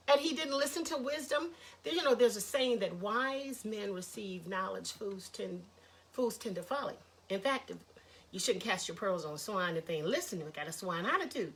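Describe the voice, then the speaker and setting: A woman telling a children's story with lively, chatty asides to her listeners. Her voice sits high and she narrates with animated energy. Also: normal speed.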